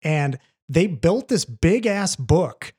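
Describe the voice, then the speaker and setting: A man co-hosting a film podcast in casual chat, animated and rambling, swearing freely. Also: on the high side, takes it slowly, slightly rough. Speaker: podcast co-host reviewing films.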